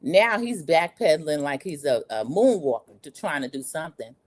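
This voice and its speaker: Her low, darkish voice swings widely in pitch as she talks at a moderate pace. This middle-aged American livestream host reads viewer comments and shares her opinions casually and bluntly, telling stories with opinionated candor.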